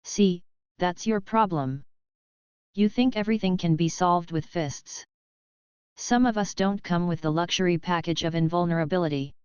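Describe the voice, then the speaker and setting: A woman's voice: on the low side, moderate pace, darkish tone, clean tone, dry recording, dull audio, lightly acted. A woman voicing a sarcastic young male superhero who jokes flippantly. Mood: joking. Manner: joking, flippant.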